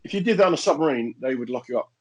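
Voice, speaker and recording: A man's voice: medium pitch, animated, very fast, poor audio. A man co-hosting a podcast, chatting casually and joking around. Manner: jokey, acts out voices in his stories. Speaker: podcast co-host. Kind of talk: casual chat.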